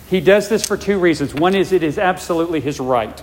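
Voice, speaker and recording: With a high-sitting, darkish voice, a male preacher speaks fairly quickly and hardly pauses. His sermon is emphatic and repetitive, punctuated by "all right?" check-ins with the congregation, and it rings with the long reverb of a large hall.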